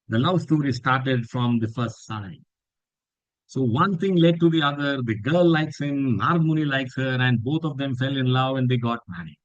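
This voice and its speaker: A man teaching a scripture class, telling a story with lively swings in his voice for quoted lines. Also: normal speed, no room sound, highs cut off. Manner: animated storytelling that lifts pitch for quoted lines. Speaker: spiritual teacher.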